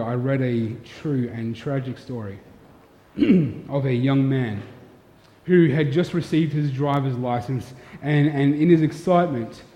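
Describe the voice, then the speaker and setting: A man's voice: medium pitch, mellow. A man preaching a sermon, earnest and storytelling, putting direct questions to his listeners. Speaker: pastor. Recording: echoey hall, dull lo-fi sound.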